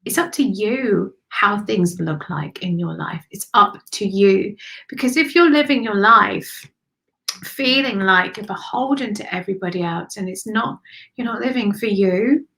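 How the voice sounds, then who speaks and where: A woman's voice: medium pitch, measured pace, gravelly, bright, forceful tone. A woman hosting a live-streamed intuitive card reading, chatty and effusive, calling listeners honey and darling. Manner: chatty and effusive, thinking aloud. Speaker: spiritual card reader and host.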